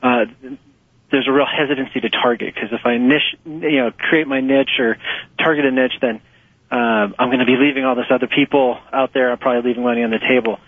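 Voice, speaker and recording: A man with a husky, slightly rough voice talks through his ideas in a loose, animated way, laughing easily and jumping into little acted-out quotes. The sound is dry and tinny, like a phone line. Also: mid-range voice, fairly quick, no room sound. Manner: animated, laughs often, acts out quotes in a raised voice. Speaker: author and nonprofit fundraising guest. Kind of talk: conversational interview answers. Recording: muffled phone-line audio.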